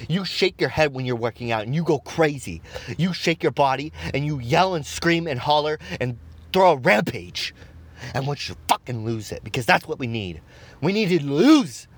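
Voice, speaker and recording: A man delivering an intense, profanity-heavy motivational rant, swearing constantly and breaking into shouted bursts. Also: a little high. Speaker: motivational speaker.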